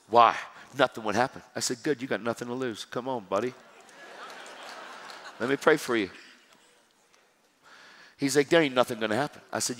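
A man preaching a sermon, telling a story in a lively, joking way and acting out the dialogue. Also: medium pitch, big-room sound, slight background noise. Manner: animated, jokey, acts out dialogue.

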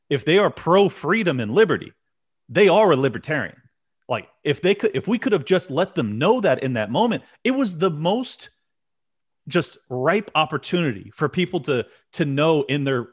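A man's voice: fairly high pitch, slightly rough. A man hosting a podcast, talking in a passionate, profane rant. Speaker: podcast host. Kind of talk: casual political podcast chat.

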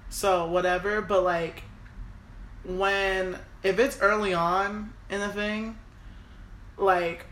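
A woman's voice: mid-range voice, slow, pauses often. Emotional young woman telling a story. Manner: emotional, animated, quotes people in raised voices. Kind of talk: casual personal storytelling. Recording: echoey room with faint noise.

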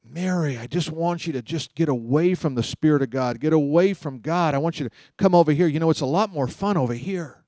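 A man's voice: on the high side, a little fast, few pauses, a little mellow, no echo, studio quality, lightly acted. A man doing the sly, coaxing voice of the flesh. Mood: tempting.

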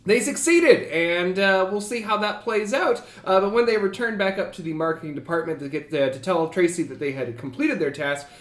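A man's voice: sits high, roomy sound. A man hosting a podcast and running a tabletop game as game master, rambling with many fillers. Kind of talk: casual tabletop game narration.

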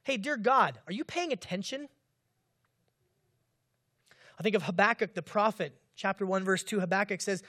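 A man's voice: high voice, brisk, few pauses, pushed and bright. A male pastor preaching a sermon who asks the congregation questions and acts out the cries of the people in the story.

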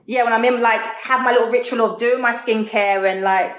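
A woman in her thirties from England, answering interview questions in a chatty, relaxed way with lots of "like". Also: fairly high pitch, fairly quick. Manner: chatty, lots of "like", laughs easily. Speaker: guest, model. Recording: roomy echo.

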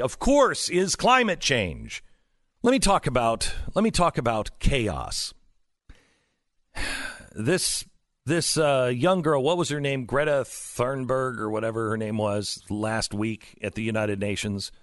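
A man's voice: medium pitch, a bit bright, no room sound, clean studio sound. A male talk show host delivering an opinionated political monologue, emphatic and sarcastic, full of rhetorical questions.

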